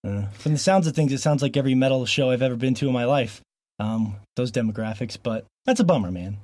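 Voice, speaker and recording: A man's voice: mid-range voice, animated, fast, darkish tone, dry recording. A man from Montana hosting a casual podcast, joking and laughing often between frequent ums. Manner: jokey, laughs often, fillers like um. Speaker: podcast host.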